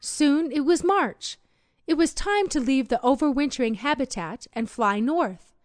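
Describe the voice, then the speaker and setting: A woman narrating a children's read-along storybook in an expressive, sing-song storytelling manner. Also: high voice, measured pace, no echo.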